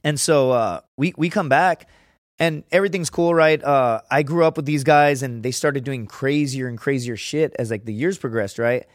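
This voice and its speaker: A man's voice: mid-range voice, normal speed, no echo, studio quality. A young man from Laredo, Texas, telling a story as a podcast guest in a rambling, swearing, casual way. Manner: rambling, heavy swearing, frequent "right?" and "dude".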